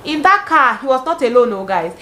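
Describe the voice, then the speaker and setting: A young woman with a Cameroonian English accent, telling dating stories casually in an animated, dramatic way with exclamations. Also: high voice, fairly quick, slight background noise. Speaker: vlogger. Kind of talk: casual storytelling. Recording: roomy echo, faint ambience.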